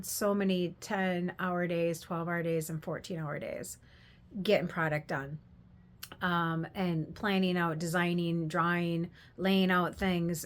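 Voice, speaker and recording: An older woman telling a candid, rambling story in a casual vlog, laughing at her own mishaps. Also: lowish voice. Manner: rambling, candid, self-deprecating, laughs while telling stories. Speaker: craft vendor vlogger.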